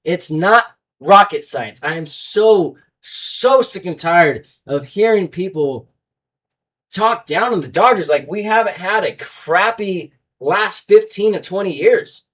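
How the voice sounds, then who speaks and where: A man's voice: high voice, animated, distant mic. A young man hosting a sports betting podcast, ranting heatedly about baseball fans and then running through his picks. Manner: heated, fast-swinging rant, loud then muttering.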